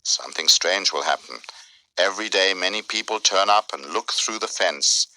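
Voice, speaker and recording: A man voicing an old wandering male bear in a dubbed cartoon, explaining things slowly and patiently. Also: sits low, bright, forceful tone, no room sound, low-quality recording. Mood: explaining gravely.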